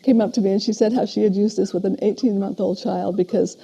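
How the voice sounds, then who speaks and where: Husky-voiced older woman lecturing parents. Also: medium pitch, steady tone, fast, mellow. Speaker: parent educator. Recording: dull lo-fi video playback.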